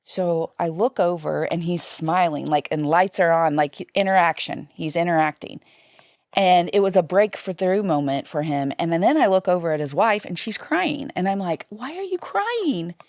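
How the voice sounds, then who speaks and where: Animated woman storyteller with a low pitch and a dry studio sound. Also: moderate pace, no echo. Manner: lively storyteller, acts out quoted voices. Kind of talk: casual interview chat.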